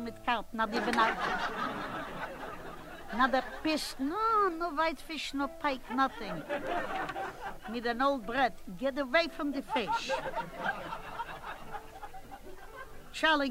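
A woman's voice: sits high, very noisy. A woman doing a bossy old gossip. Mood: scolding. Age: 80s. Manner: chattering, scolding, rambling gossip. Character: gossipy bossy elderly woman at a family gathering. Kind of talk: comic character monologue.

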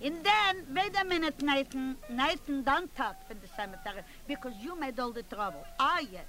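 A woman's voice: high voice, animated, normal speed, sharp tone, faint music behind, poor audio. A woman playing an older, gossipy and bossy chairwoman who runs a club meeting, chatting and scolding as she keeps cutting herself off. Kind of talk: comic character monologue.

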